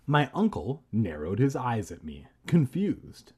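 A man's voice: mid-range voice, wildly swooping pitch, unhurried, darkish tone, breathy edge. A man reading a storybook aloud with irreverent, profane joking asides. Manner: irreverent, profane, laughs often.

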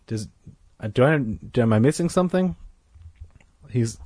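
A man reading a children's chapter book aloud, expressive, who stops now and then to comment jokingly. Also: medium pitch, normal speed, pauses often, no room sound, clean studio sound. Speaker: reader.

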